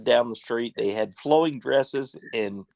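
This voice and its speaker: A podcast host with a very gravelly, creaky voice asks quiet follow-up questions and chuckles along. The sound is dry. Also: medium pitch, measured pace, dry recording. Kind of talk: casual interview chat.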